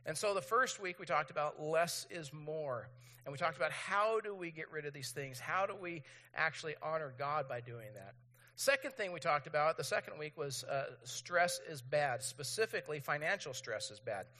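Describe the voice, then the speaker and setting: A man preaching a sermon to his congregation as pastor, animated and acting out impatient voices. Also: a little high, big-room sound.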